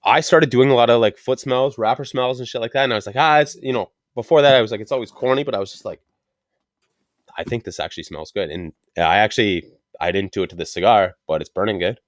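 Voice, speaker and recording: Joking low-voiced man hosting a cigar podcast. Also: fast, dry recording, studio quality. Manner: crude, joking, rambling storyteller. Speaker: podcast host. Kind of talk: casual cigar podcast chat.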